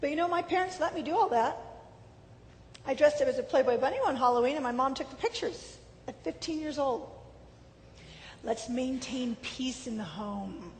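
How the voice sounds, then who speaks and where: Middle-aged woman, earnest testimony talk, higher voice, recorded in a reverberant hall with a faint rumble. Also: expressive, fairly quick, darkish tone. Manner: earnest, emotional storytelling. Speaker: speaker giving testimony.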